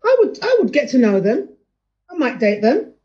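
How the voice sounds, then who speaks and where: A woman's voice: sits high, big pitch swings, moderate pace, warm tone. A woman answering plainly and a little hesitantly in a casual discussion, repeating herself. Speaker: guest. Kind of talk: casual discussion on a video call. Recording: muffled lo-fi video call audio.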